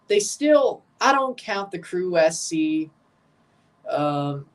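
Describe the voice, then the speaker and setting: A man hosting a livestream watchalong, giving excitable play-by-play of a soccer match between chatty replies to his viewers. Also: high-pitched, slow, distant mic. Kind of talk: casual watchalong commentary.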